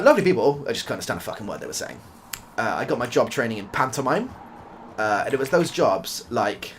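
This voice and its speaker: A man's voice: mid-range voice, slight background noise. A young British man casually chatting and rambling through a story while playing a game, swearing now and then. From United Kingdom. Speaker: ASMR gaming streamer. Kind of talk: soft-spoken gameplay chat.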